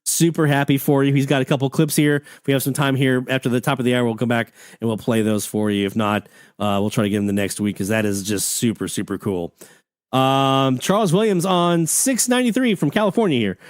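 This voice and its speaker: Brisk and mid-range, this radio hobby show host's voice comes through in studio quality with no room sound. He chats enthusiastically on his live stream and reads listener messages aloud with folksy charm.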